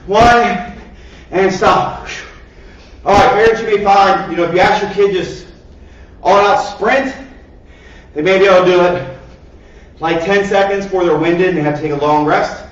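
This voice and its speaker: A man's voice: high-pitched, measured pace, pauses often. A man, a martial arts instructor, leads a home PE class for kids, counting down reps and cheering them on while he works out himself. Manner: encouraging, counts reps aloud; exercising along while talking. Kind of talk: coaching a home workout class. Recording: echoey, distant, dull lo-fi room sound.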